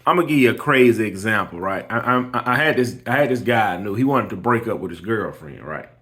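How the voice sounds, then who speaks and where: This lawn care business owner, an adult with kids, delivers a motivational personal talk in a fairly low, a bit bright voice, brisk and with lively intonation. Emphatic and repetitive, he often restarts phrases, keeps saying "listen here", and relates a story using quoted dialogue.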